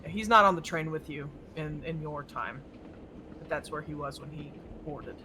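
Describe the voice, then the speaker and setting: A man's voice: on the high side, normal speed, sharp tone, slight background noise. A man narrating a tabletop horror game as game master, rambling with many restarts. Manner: rambling, full of fillers and restarts.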